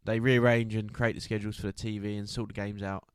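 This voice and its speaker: A man co-hosting a football podcast, chatty and quick to laugh. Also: on the low side, little pitch movement, clear, resonant tone, no room sound, clean studio sound. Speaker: podcast co-host. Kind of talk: casual football podcast chat.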